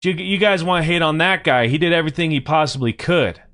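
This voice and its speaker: Young man, sports podcast host, casual, heated, swearing, a bit high-pitched. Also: quick pace, a bit bright.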